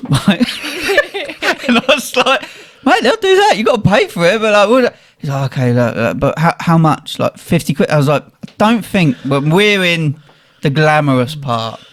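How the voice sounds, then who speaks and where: A man's voice: a little high, measured pace. A man co-hosting a podcast, telling rowdy stories in casual chat, laughing often and acting out the people he quotes. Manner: animated, laughing, acts out quotes. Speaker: podcast co-host.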